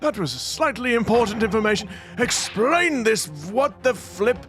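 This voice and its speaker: A man voicing a blustering older male judge who calls for order in booming bursts. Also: lively intonation, moderate pace, a bit bright, soft background music. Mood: flustered.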